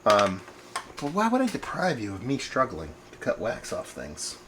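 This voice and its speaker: Lowish in pitch and moderate in pace, his voice comes through with some background noise. The man reviews beer on a vlog he hosts from home, keeping things loose, talkative and animated while making fun of himself.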